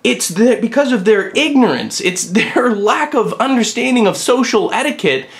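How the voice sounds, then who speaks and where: A man's voice: extremely high pitch, very animated, moderate pace, fairly bright tone. A middle-aged man with three sons, hosting a blunt, opinionated monologue vlog and ranting about people who lack social sense. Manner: blunt, ranting, mocks others in put-on voices. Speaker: vlog host.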